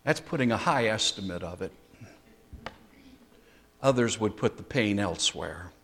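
An older man preaching a sermon as a pastor, conversational, with dry humor and pauses. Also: on the low side, lively intonation, vocal fry, a bit bright.

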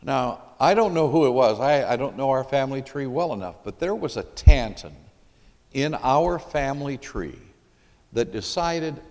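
A man preaches a sermon with an animated, rising-and-falling delivery, firing questions at his congregation. His voice carries a long reverb from a large hall. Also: medium pitch, normal speed. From Michigan, USA. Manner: emphatic, puts questions to the congregation.

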